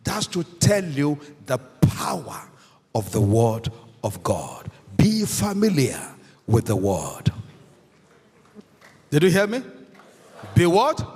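A man's voice: a little high, sing-song, slow pace, pauses often, slightly rough. A man preaching a sermon as a pastor, emphatic, repeating key phrases and asking the congregation questions. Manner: emphatic preaching with repetition and call-and-response questions. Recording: echoey hall, long reverb.

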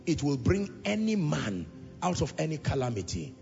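Gravelly-voiced preacher man in a hall. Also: a little high, sing-song, moderate pace. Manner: impassioned preaching, repeating lines, swelling to shouts and sung phrases. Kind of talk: sermon. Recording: reverberant hall, dull lo-fi sound, music behind.

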